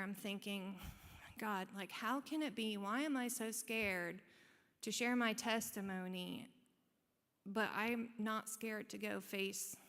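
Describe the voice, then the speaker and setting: An earnest woman tells her story before a church congregation, her voice at an ordinary middle pitch. The words trail on with long reverb in a big church hall, and she talks in a loose, storytelling way. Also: fairly bright tone. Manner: earnest, storytelling, many fillers. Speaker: church member sharing testimony. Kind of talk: personal testimony in church. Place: church sanctuary.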